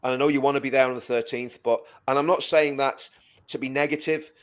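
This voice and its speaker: Steady in tone and mid-range, this male co-host is a fast talker on a casual live stream. He makes his case emphatically, building it up through repeated words.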